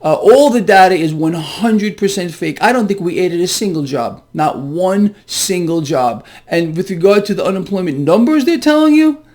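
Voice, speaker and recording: A middle-aged man giving a solo financial commentary, sarcastic and animated, with scoffing laughs. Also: high-pitched, moderate pace. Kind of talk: solo market commentary video.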